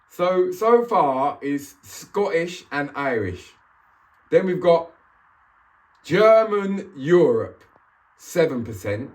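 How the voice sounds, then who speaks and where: A man's voice: a little high, very animated, slow, pauses often. A young man, chatting to camera in a casual, joking, slang-filled way. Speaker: vlogger.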